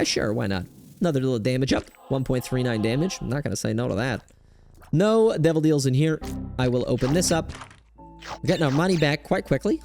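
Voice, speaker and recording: A young man giving casual gameplay commentary as a streamer, rambling and excitable with lots of fillers. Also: mid-range voice. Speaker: gaming streamer.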